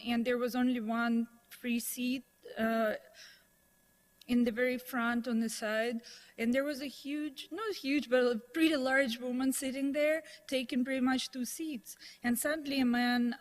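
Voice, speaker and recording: A woman telling a story to a live audience in a conversational manner, with fillers and restarts. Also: fairly high pitch.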